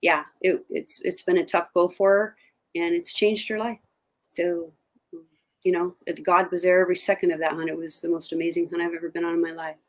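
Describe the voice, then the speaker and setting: A woman's voice: lowish voice, little pitch movement, a little fast. Chatty older woman, hunting show co-host. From Oregon. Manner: chatty and emphatic. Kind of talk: casual interview talk.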